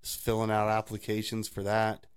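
Casting: low-pitched man, chatty podcast co-host, rambling, laughs a lot. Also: normal speed, smooth. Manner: rambling, laughs often, animated storytelling. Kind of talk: casual faith chat.

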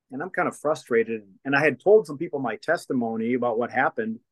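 A man, a guest in a conversation, telling a personal story in a lively way and acting out the dialogue of the people in it. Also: mid-range voice, fast, hardly any pauses, dry recording, poor audio. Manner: lively storyteller who acts out quoted dialogue. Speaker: guest, deliverance minister and former counselor. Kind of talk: storytelling testimony in casual conversation.

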